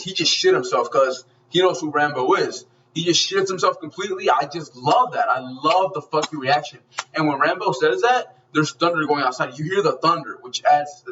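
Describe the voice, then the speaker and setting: A man's voice: fairly high pitch, a bit bright, recorded from a distance, dull audio, a little hiss or hum. A man giving a casual spoken movie review, gushing and swearing freely as he rambles through the plot with many restarts.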